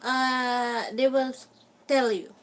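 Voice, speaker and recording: A woman's voice: high voice, level tone, takes it slowly, a bit bright, slight background noise. A woman from the Philippines co-hosting a casual live stream at home. She speaks briefly and reads viewer questions aloud. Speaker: co-host. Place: bedroom at home.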